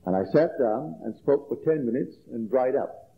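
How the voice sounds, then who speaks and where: A man's voice: mid-range voice, animated, a little hiss or hum. Man lecturing on old, tinny tape. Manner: measured, emphatic, repeats key phrases. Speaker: spiritual lecturer. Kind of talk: lecture with personal storytelling.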